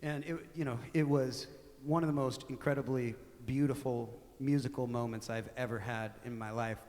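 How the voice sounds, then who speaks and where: A man with a mid-range voice tells stories between songs on a club stage, chatty and animated as he acts out what people said. He speaks into a stage microphone, and his voice rings with the long reverb of the live room. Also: medium pitch, moderate pace. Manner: animated, conversational, with laughs and acted-out quotes. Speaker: singer-songwriter telling stories on stage. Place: small live music venue with audience.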